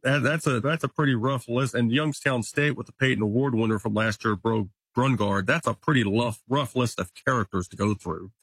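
A man's voice: mid-range voice, moderate pace, few pauses, a bit bright, slightly rough, dry recording. A man giving a casual, stat-heavy breakdown of a college football team as a guest reporter. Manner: stat-heavy, conversational, occasional restarts. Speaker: local sports reporter guest. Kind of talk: casual sports analysis.

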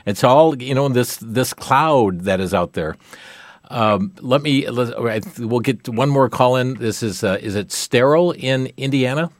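A man's voice: medium pitch, measured pace, dry recording, studio quality. A man hosting a call-in radio show, taking callers and talking with his guest in a folksy, affirming way.

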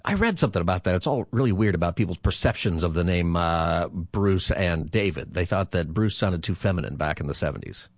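A man's voice: low-pitched, animated, fairly quick, few pauses, no room sound, studio quality. A man in his fifties hosting a call-in radio talk show as a pastor, chatty and rambling, laughing easily as he talks.

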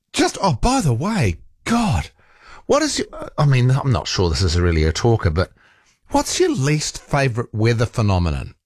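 A man's voice: on the low side, no echo, studio quality. Chatty New Zealand talk radio man. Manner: chatty and rambling, with many fillers and restarts. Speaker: radio talk show host. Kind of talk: casual talkback chat. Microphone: studio microphone.

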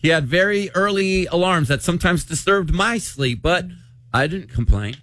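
A man's voice: high-pitched, lively intonation, moderate pace, a bit bright, dry recording. A man hosting a morning radio show, chatting casually and reading a listener's letter aloud.

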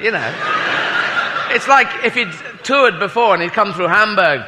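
Rambling comedian, high voice. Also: male voice, expressive, normal speed, in a large hall, heavy background noise. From Britain. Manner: rambling, self-interrupting, mock-pompous. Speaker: stand-up comedian. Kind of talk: rambling stand-up storytelling.

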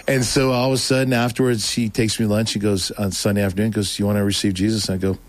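A man's voice: fairly low pitch, fast. A middle-aged man telling his conversion story casually, acting out what people said in a raised voice. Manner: animated, acts out quotes in a raised voice. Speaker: guest telling his testimony.

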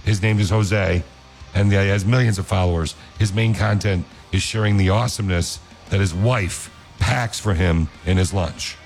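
A man's voice: low-pitched, steady tone, normal speed, soft background music. A man hosting a radio show, talking enthusiastically in a casual chat style. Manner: enthusiastic, repeats praise. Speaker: radio host. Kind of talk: upbeat morning radio chat.

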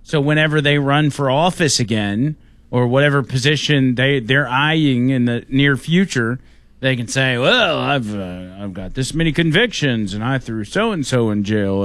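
A male radio host speaks at a middle pitch in a dry, close studio sound. He weighs his words and often stops to restart a phrase. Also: a bit bright, dry recording. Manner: measured, halting, with many restarts. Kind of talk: radio talk commentary.

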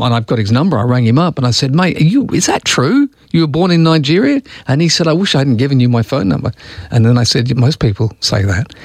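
A man's voice: mid-range voice, dry recording, studio quality. A man with an Australian accent hosting talkback radio in a chatty, joking way, reading out listener messages. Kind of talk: casual radio talk. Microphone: studio microphone.

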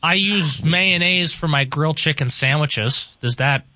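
A man's voice: on the high side, measured pace, bright, forceful tone, no echo, clean studio sound. A man with a New York accent, talking animatedly and emphatically as a guest on a radio show. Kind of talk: casual radio chat.

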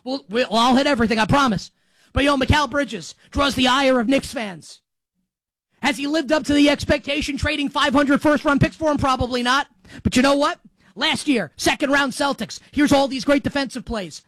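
A man delivering an excitable, rambling sports monologue as show host, breaking into shouts. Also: very high voice, moderate pace, no echo, poor audio. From New York.

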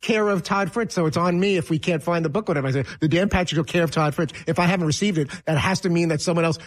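A man who produces a sports talk show, defending himself in halting, rambling studio banter. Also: fairly high pitch. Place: radio studio.

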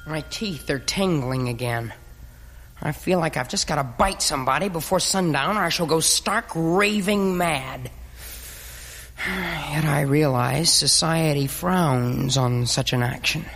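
A woman's voice: low voice, measured pace, fairly bright tone, heavily acted. A woman playing a brooding, melodramatic pet dog. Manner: theatrical, brooding self-pity. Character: dramatic cat-hating pet dog, male. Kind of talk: stage musical acting. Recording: reverberant stage recording.

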